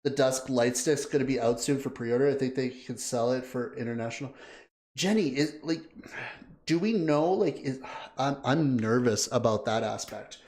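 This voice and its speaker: A man hosting a live stream, chatting casually and excitedly. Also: mid-range voice, moderate pace. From Canada. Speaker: live-stream reaction host. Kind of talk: casual live-stream chat, greeting viewers. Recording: roomy echo.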